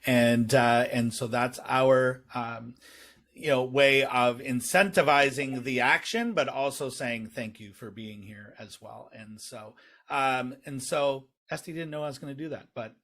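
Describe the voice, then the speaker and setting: A man hosting a podcast interview, talking in a relaxed way with many ums and you-knows. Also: mid-range voice, a little slow. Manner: relaxed, uses many fillers like um and you know. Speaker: podcast host.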